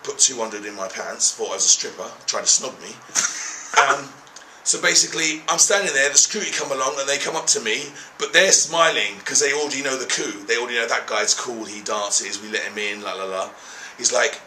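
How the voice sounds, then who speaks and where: A man's voice: mid-range voice, fairly quick, echoey room, slight background noise, low-quality recording. A man telling a story casually, swearing freely and acting out the people in it. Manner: animated, profane, acts out quoted people. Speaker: travel documentary host.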